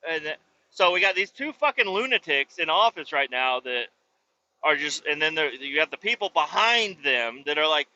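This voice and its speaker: A man's voice: a little high, sing-song, moderate pace, sharp tone, highs cut off. A man hosting a podcast, ranting in a rambling comedic way with lots of swearing and filler words. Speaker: podcast host. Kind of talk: comedic political rant.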